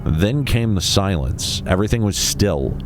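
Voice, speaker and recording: A wary, haunted young woman from a video game, frightened and hiding among ruins, read aloud by a man in his own low voice. She speaks haltingly and quietly, with soft music faint underneath. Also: expressive.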